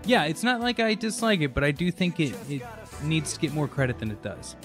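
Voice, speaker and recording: A man's voice: a little high, very animated, fairly quick, soft background music. A man co-hosting a casual podcast, with dry, wry humor. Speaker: podcast co-host. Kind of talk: casual chat.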